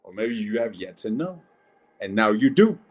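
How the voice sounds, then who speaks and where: A man's voice: lowish voice, big pitch swings, moderate pace. A man giving a casual live-stream tarot reading, blunt and chatty, swearing and calling viewers ladies and gents.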